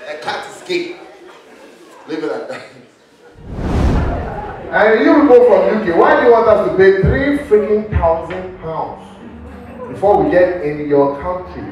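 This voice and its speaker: A Ghanaian man doing a loud, animated stand-up comedy routine, switching in and out of character voices. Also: sits high, normal speed, pauses often. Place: comedy bar stage. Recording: echoey club, distant mic, crowd laughter. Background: laughing audience.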